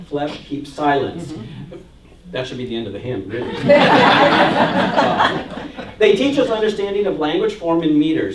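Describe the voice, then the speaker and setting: A male church music minister and organist gives a chatty, joking class talk. He reads hymn verses aloud and laughs often. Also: a little high. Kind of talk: informal lecture to a church adult class. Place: church meeting room. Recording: roomy echo, voice from far off the mic.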